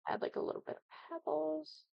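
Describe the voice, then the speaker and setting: A young woman from the Midwest talks through a game build in a chatty, animated way, breaking into excited exclamations. Her voice sits a bit high with a gravelly fry, and the recording is dry and slightly dull, as if from a desk mic. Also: fairly quick, dry recording. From American Midwest. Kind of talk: casual gaming commentary.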